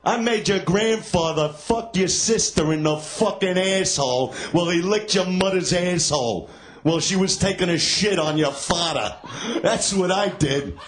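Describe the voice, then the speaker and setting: A male stand-up comedian doing crowd work, taunting and insulting people in the audience with crude jokes, shouting and laughing at times. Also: high voice, normal speed.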